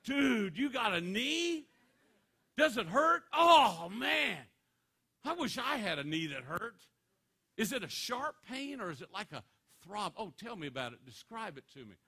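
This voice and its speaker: A man putting on the voice of an excitable male strength coach, pitched well above his own and shouting with breathless excitement. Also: slow pace, long pauses, breathy edge, heavily acted. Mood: gleeful.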